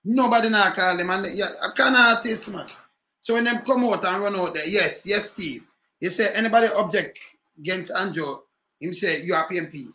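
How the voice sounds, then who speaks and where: Here a man's high-pitched voice carries a Jamaican accent as he holds forth on politics in patois at a normal pace. The sound is reverberant, and he rants with energy, asking rhetorical questions again and again.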